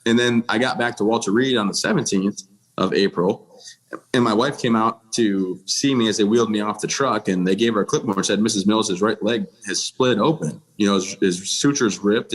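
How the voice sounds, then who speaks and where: A man's voice: fairly low pitch, brisk. A man in his thirties from the United States, a podcast guest telling a personal story in a blunt, plainspoken way, with frequent restarts and "you know"s. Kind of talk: candid personal storytelling in a conversation.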